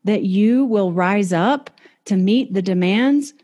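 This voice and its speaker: Woman, life coach, motivational talk, enthusiastic, casual, middle pitch. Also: slow pace, warm tone. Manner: enthusiastic, encouraging, casual with mild swearing. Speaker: life coach and show host. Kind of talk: motivational self-help talk.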